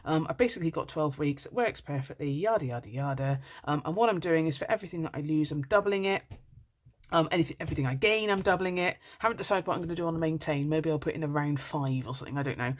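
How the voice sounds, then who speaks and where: A woman's voice: low voice, quick pace. A woman chatting in a casual budgeting vlog, bubbly and apologetic, with lots of ums. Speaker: budgeting vlogger.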